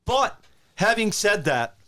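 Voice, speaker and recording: A man in his sixties from Newfoundland, a former hockey player who tells stories as a podcast guest in a rambling, animated way with many restarts. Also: sits high, slow. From Newfoundland, Canada. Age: 60s. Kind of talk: casual storytelling.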